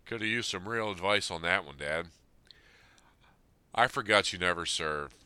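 Man in his fifties with a low voice and a hard, forceful edge. He is earnest and plain-spoken, reading a letter aloud and then reflecting on it. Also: moderate pace, clean tone, dry recording. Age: 50s. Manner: earnest, plain-spoken, speaking straight to his late father. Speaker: Army veteran sharing a personal letter.

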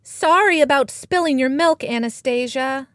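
A woman voicing a headstrong, dramatic female cat in a storybook, with a high, loud, theatrical delivery. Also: normal speed, no echo, clean studio sound, close to an everyday voice. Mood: bright. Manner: high, loud and theatrical, wheedling then demanding. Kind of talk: storybook character voice.

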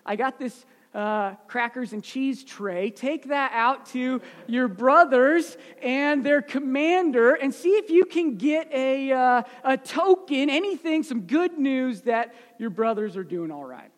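A man's voice: extremely high pitch, animated. A man voicing a worried father who sends his youngest son to check on his brothers, within a sermon. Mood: fretful. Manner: casual, fretful, halting. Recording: echoey hall.

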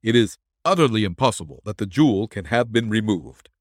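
A man's voice: lowish voice, expressive, no room sound, clean studio sound, lightly acted. Man doing a firm, stubborn old colonel. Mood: insistent. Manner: firm, deliberate. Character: stubborn older male colonel, believer in ghosts.

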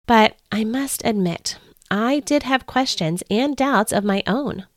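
A woman's voice: a little high, slow pace, no echo, clean studio sound. Earnest woman reading a devotional story. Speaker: podcast host reading her devotional book. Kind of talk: scripted first-person story narration.

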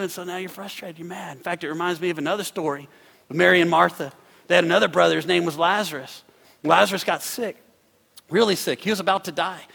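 A male pastor preaching a sermon, swinging from quiet, hushed passages up to fervent shouting. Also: on the high side, creaky, slightly rough, in a large hall. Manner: preaching with big swells to shouting and drops to hushed tones. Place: church hall.

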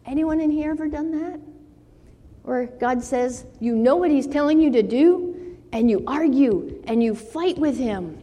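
Woman preacher, mellow and unhurried, in a church with long reverb. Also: sits high. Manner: slow earnest preaching, rising to pleading in quoted scripture. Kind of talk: sermon.

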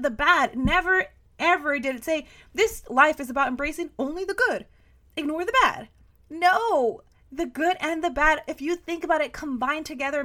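A woman's voice: sits high, pushed and bright. A young adult woman hosting a podcast, giving an emphatic motivational pep talk full of rhetorical questions. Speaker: podcast host.

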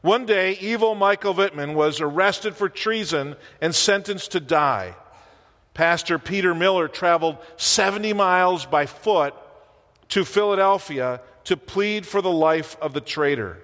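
A man's voice: high voice, unhurried, a bit bright, big-room sound. A man preaching a sermon as pastor in a church, conversational, with wry asides and rhetorical questions.

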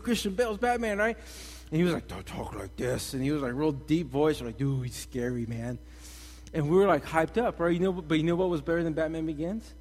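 High-voiced young man preaching casually. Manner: energetic, slangy, animated storytelling. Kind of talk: casual sermon. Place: church hall. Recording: long reverb in a hall.

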